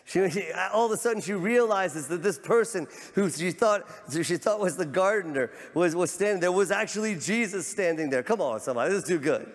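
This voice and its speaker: Preacher, man, fervent and repetitive, slightly high voice, recorded in a reverberant church. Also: lively intonation, brisk, few pauses. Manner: fervent, repeats words, rises to near shouts. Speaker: pastor. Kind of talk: sermon. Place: large church sanctuary. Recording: long church hall reverb.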